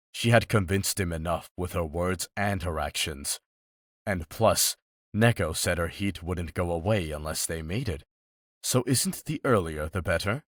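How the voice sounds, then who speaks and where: A man with a very low, deep voice narrates a romance audiobook. His delivery is steady and measured, keeping an even storytelling pace through each passage. The sound is dry and close, with no room around it. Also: dry recording.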